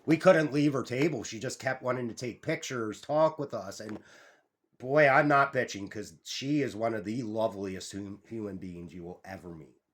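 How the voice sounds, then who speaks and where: Young male vlogger, low-pitched, rambling and excitable, swears a lot, chats off on tangents. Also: normal speed. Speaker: YouTube channel host. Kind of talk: casual vlog chat.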